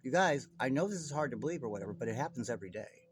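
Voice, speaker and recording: A man's voice: medium pitch, animated, very fast, background noise. A man delivering a heated true-crime monologue straight to his viewers, agitated, profane and rambling. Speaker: online commentator.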